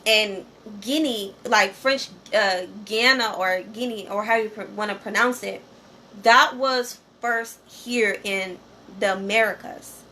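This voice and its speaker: A woman's voice: mid-range voice, slow, sharp tone, a little hiss or hum. A woman, talking casually and directly to her viewers, often checking in with "okay?". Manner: conversational, repeats "okay?" and "you know". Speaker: channel host.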